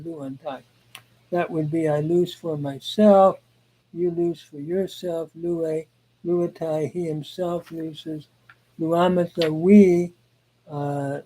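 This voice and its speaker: A man teaching Greek grammar in a recorded lesson, reciting word forms one at a time and pausing often with "uh.". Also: a little high, dark tone, poor audio.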